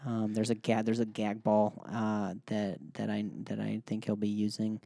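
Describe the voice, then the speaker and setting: A man's voice: fairly low pitch, completely flat delivery, normal speed, gravelly, dark tone, dry recording, studio quality. A man guesting on a podcast, stuttering and repeating words in casual chat. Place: apartment.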